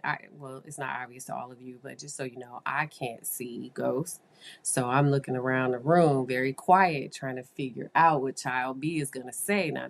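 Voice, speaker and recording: A woman with an unusually deep, low-pitched voice tells a story in a relaxed monologue. She talks in an animated, confiding way and often turns aside to her listeners. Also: vocal fry. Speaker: therapist.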